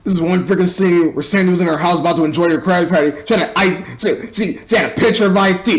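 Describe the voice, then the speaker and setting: A man's voice: sits high, quick pace, few pauses, poor audio. A young man giving a rambling, exasperated movie review, stumbling and repeating words as he talks. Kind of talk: casual spoken movie review.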